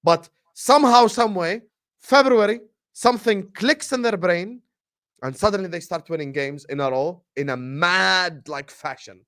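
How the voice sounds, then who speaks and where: A man's voice: high voice, measured pace. A man co-hosting a football podcast, making his points emphatically and ticking them off one by one. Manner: animated, emphatic, builds points in lists. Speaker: podcast co-host. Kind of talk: casual football debate.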